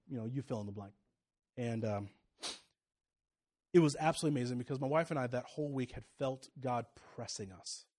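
A pastor with a mid-range male voice preaches and relates a personal story. He moves from loud, ascending exhortation down to quiet asides shared in confidence.

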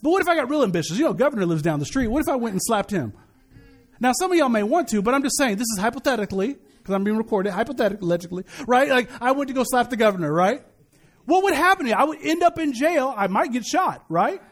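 A middle-aged man pastor preaching a sermon, an animated, joking storyteller who repeats his key points. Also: extremely high pitch, fast.

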